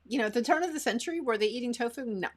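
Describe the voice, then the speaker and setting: A woman's voice: on the high side, expressive, very fast. A woman co-hosting a live stream in casual chat, giggling often and reading out viewer comments. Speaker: co-host.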